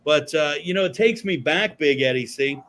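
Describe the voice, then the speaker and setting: A man's voice: on the high side, animated, normal speed, a bit bright. A man co-hosting a casual talk show, telling profane, laid-back stories from a studio. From Florida. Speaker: podcast co-host. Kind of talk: casual chat.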